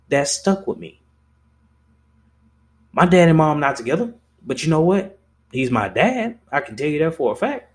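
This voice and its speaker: A man's voice: fairly high pitch, expressive, normal speed. A young man hosting a podcast, talking in a blunt, impassioned way with lots of swearing and restarts. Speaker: podcast host. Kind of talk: casual podcast monologue.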